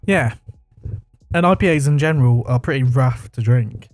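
A podcast co-host with a medium-pitched voice chats at a normal speed, laid-back and joking, swearing freely. He holds a handheld mic, and the recording is dry.

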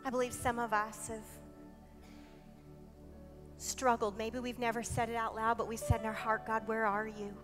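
A woman pastor preaching a sermon in a church service, earnest and emphatic, often dropping soft and then swelling loud. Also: on the high side, flat delivery, normal speed, pauses often, music in the background. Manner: earnest, emphatic, swinging between quiet and loud.

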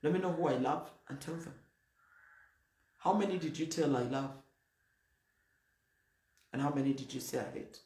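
A woman's voice: sits low, moderate pace, long pauses, a little mellow. A woman pastor preaching a sermon in a blunt, emphatic, plain-spoken way. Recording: roomy echo, faint noise.

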